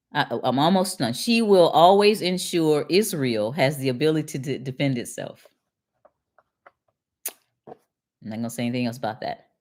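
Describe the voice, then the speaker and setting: An older woman from Detroit reading political promises aloud to a live chat and answering them with sarcastic, indignant asides. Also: low-pitched. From Detroit, USA. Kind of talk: casual livestream commentary.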